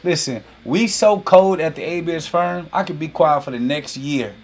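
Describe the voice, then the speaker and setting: A man hosting a live online business class, greeting viewers, teasing them playfully and hyping them up in a casual, animated way. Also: fairly high pitch, moderate pace. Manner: playful teasing banter with chat; animated hype, heavy use of y'all. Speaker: host and business coach. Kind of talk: casual livestream class intro.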